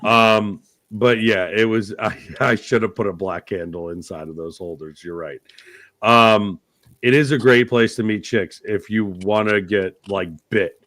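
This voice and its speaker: A man hosting a casual podcast chat, telling rambling, profane comic stories with loud outbursts. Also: fairly low pitch, measured pace, dry recording. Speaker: podcast host.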